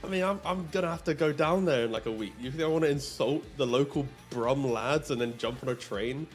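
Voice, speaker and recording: A man's voice: medium pitch, fairly quick, faint music behind. A man giving casual, filler-heavy analysis on an esports studio broadcast. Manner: casual, chatty with many fillers.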